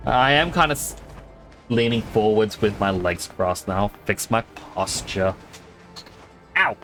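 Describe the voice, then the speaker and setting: A man's voice: lowish voice, expressive, takes it slowly, pauses often, bright, forceful tone, faint music behind. A man streaming a video game, chatting casually and rambling, with frequent laughs. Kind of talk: casual gaming stream chat.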